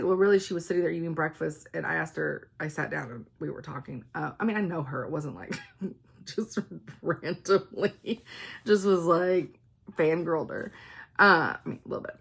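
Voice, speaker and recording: A woman, telling a rambling, animated story in a casual craft vlog, with many ums and acted-out quotes. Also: fairly low pitch, creaky, slightly rough. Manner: rambling, animated quoting of others, frequent ums. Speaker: cross-stitch vlogger.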